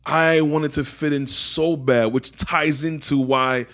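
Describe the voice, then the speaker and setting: A man's voice: on the high side, steady tone, takes it slowly, fairly bright tone. Laid-back man with an American accent. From England. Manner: laid-back, reflective, peppers talk with "man". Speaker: podcast guest, poet and entrepreneur. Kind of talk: casual conversational interview.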